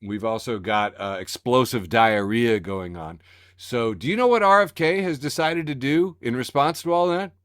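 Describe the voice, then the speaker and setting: A man's voice: medium pitch, no echo, clean studio sound. Sarcastic laughing man hosting a podcast. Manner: sarcastic, laughs often, animated. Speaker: podcast co-host reading the news. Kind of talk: casual podcast chat. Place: home studio on a video call.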